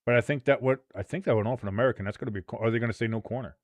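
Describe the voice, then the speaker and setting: A man hosting a live match watch-along, commenting casually, swearing freely and leaping from low mutters to shouts. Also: rapid-fire, no room sound. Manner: excitable, profane, jumps from mumbling to shouting.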